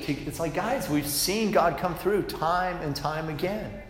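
A man's voice: on the high side, normal speed. A man preaching a sermon in a conversational, self-deprecating way, often restarting his sentences. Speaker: pastor. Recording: echoey hall reverb.

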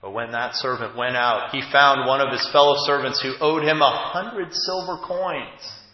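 A man's voice: medium pitch, normal speed. Guy preaching casual sermon, jokey asides, lots of restarts, echoey hall, dull lo-fi sound w faint hiss. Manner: chatty, joking asides, trailing restarts. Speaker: pastor. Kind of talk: conversational sermon.

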